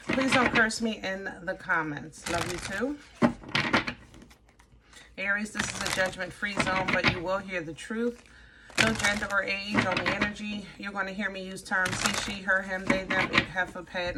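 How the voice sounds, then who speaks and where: A woman giving a casual tarot reading, chatty and easily excited, rambling and restarting as she talks through the cards. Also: medium pitch, very noisy. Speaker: tarot reader.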